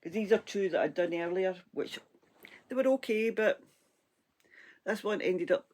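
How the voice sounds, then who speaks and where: A woman with a Scottish accent talks through her crochet in a loose, rambling, chatty way. Her throat sounds hoarse and froggy, and she laughs often. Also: medium pitch, moderate pace, a little mellow. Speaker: crochet vlogger. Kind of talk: casual crafting chat.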